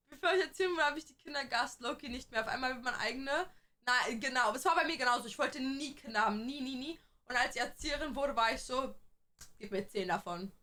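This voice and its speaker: A young woman chats casually on her stream. Her voice sits high and sounds bright and sharp. She swears freely and laughs often as she tells stories. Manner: chatty, swearing, quick to laugh. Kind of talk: casual chat.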